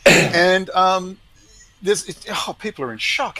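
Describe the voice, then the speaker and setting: Animated, ranting man with a higher voice. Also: moderate pace, dry recording, low-quality recording. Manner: animated, emphatic, scornful. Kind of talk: heated conversational rant.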